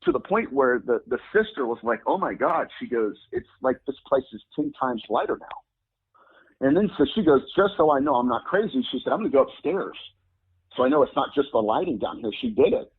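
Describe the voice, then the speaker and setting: A man telling a story as an interview guest, acting out the people in it with sudden jumps in pitch. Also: sing-song, a little fast, breathy edge. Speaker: guest demonologist. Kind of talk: animated storytelling. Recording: phone-like lo-fi audio.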